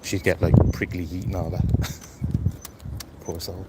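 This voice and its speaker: A man's voice: deep voice, little pitch movement, unhurried. Swearing Dublin man live-streaming outdoors. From Ireland. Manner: swears freely, reads out chat. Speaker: livestreamer. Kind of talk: casual live-stream chat. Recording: noisy outdoor background.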